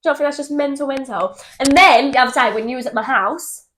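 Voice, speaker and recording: A young woman co-hosting a podcast, telling ghost stories in animated casual chat and swearing freely. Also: high voice, fast, slight background noise. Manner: animated storytelling, swears freely, laughs often. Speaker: podcast co-host.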